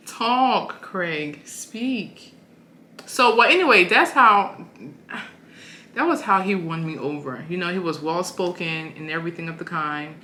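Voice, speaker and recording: A woman's voice: lowish voice, animated, moderate pace, bright, forceful tone, reverberant, low-quality recording. A woman in her thirties, a family vlogger, chatting casually about how she met her husband, flustered and giggly, often tacking on "okay?". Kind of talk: casual storytelling chat.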